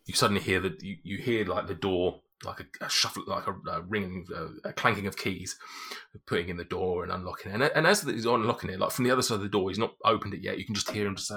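A man's voice: low voice, fast, pushed and bright, breathy edge. A man narrating a tabletop game as game master, rambling with restarts. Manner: rambling, lots of fillers and restarts.

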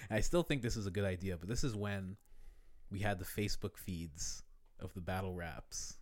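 A man chatting casually, animated and profane, often laughing and dropping from loud to quiet. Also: low voice, measured pace. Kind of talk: casual chat.

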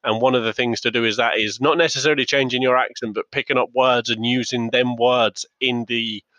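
A man's voice: medium pitch, steady tone, brisk, bright, forceful tone, dry recording. A man with a mixed English regional accent hosting a podcast, chatting casually and rambling a bit with fillers. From England. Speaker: podcast host. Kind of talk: casual chat. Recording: dry, dull lo-fi sound.

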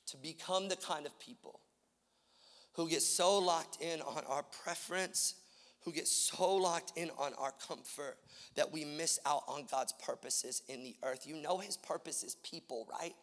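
A man preaching from a pulpit, his voice high and gravelly, impassioned and repetitive, dropping to a hush and then climbing loud. The sound carries the long reverb of a big church hall. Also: unhurried. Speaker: pastor. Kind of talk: sermon. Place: church auditorium.

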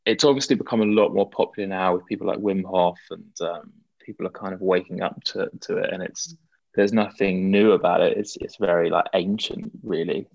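A man's voice: low-pitched, fairly even intonation, brisk, vocal fry, darkish tone, dry recording, highs cut off. A young man, a guest in a casual interview, talking in a rambling way with many fillers and restarts.

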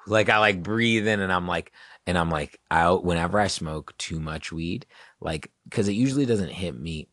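Low-voiced man telling a rambling story. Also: normal speed, dry recording, clean studio sound. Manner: rambling, heavy use of "like", many restarts; animated, acts out scenes with loud yelling. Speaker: guest, music producer and songwriter. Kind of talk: casual storytelling in conversation.

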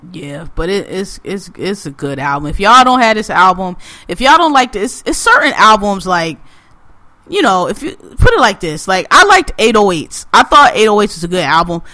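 A man co-hosting a podcast, talking in an animated, profane, ranting way. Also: sits high, moderate pace, no room sound. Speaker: podcast co-host. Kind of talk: casual podcast chat.

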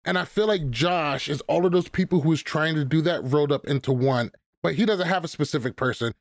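A man's voice: a little high, brisk, no room sound, clean studio sound. A man hosting a podcast, recapping episodes in a joking storytelling way. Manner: storytelling recaps with mocking quoted voices. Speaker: podcast host. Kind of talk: casual recap and chat.

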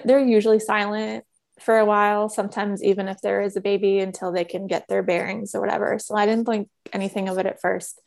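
A woman's voice: mid-range voice, darkish tone. A young adult woman on a community call, telling a personal story in a candid, conversational way with plenty of fillers. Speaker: podcast guest sharing a personal story.

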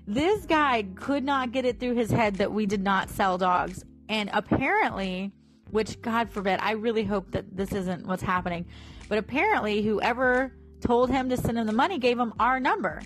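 A woman's voice: fairly high pitch, moderate pace. Woman, thirties, rambling casual vlog chat, faint music behind. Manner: rambling and chatty, with frequent fillers. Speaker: vlogger and small business owner.

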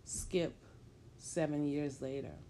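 Low-voiced, unhurried woman storyteller. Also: warm tone, a little hiss or hum. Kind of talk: present-tense spoken storytelling.

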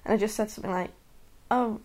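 A woman's voice: medium pitch, steady tone, normal speed, vocal fry. A woman in her thirties speaking candidly and earnestly in a personal podcast monologue. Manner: candid and earnest, many restarts and soft laughs. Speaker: podcast host.

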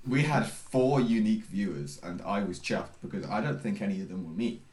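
Deep-voiced young man in an echoey room. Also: brisk, darkish tone. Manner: dry, self-mocking. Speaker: podcast co-host and editor. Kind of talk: casual chat.

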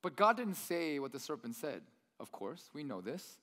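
A young male pastor delivers a relaxed, conversational sermon and slips into other voices to act out the tempter. His voice sits high for a man. The room carries a long church-hall reverb. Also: moderate pace. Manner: conversational preaching, acts out tempter's voice.

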